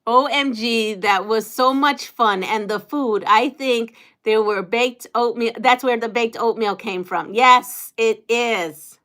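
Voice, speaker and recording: A woman's voice: a little high, slow, few pauses, sharp tone. A middle-aged woman hosting a casual quilting livestream, chatty and rambling as she talks with her viewers. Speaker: quilting channel host.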